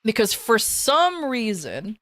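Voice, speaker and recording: A woman's voice: fairly high pitch, sing-song, takes it slowly, pushed and bright, no room sound, clean studio sound. A woman telling a story on a casual livestream, rambling and swearing, with many restarts and fillers. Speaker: streamer.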